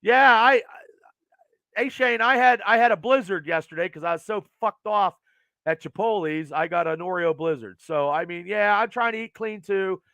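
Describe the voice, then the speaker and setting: A man's voice: high-pitched, normal speed, creaky, sharp tone, no echo. A man in his early fifties hosting a podcast, ranting casually and profanely in a rambling way. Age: 50s. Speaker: podcast host.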